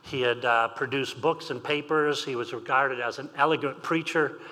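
Older male pastor, bright and forceful delivery, storytelling sermon, big reverberant church. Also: medium pitch, steady tone, moderate pace. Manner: reads scripture aloud then tells personal stories with humor. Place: church sanctuary. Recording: long reverb in a large hall.

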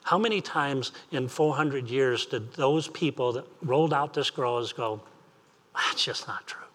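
A man's voice: mid-range voice, a little slow, fairly bright tone. A man preaching an earnest sermon as pastor, repeating phrases and asking rising questions.

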